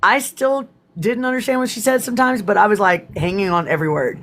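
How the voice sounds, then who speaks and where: A woman's voice: medium pitch, fairly even intonation, brisk, a bit bright. Rambling Texan woman live-streaming. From Texas. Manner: rambling, chatty, swears casually. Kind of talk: casual live-stream chat.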